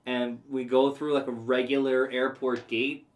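A man's voice: mid-range voice, flat delivery, unhurried. A man on a casual podcast telling a long rambling travel anecdote, full of fillers and the odd swear word. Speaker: podcast host. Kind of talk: casual storytelling chat.

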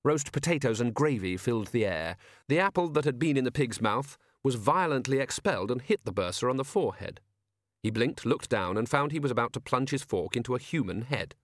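A man narrating a comic fantasy audiobook in a lively, expressive reading. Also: mid-range voice, fairly quick, no echo, studio quality. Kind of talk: scripted narration.

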